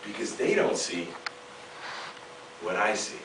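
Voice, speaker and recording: A man giving an emphatic motivational seminar talk, swinging from loud bursts to hushed asides, heard from a distance in a large hall. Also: on the low side, sing-song, slow pace, background noise. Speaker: seminar speaker.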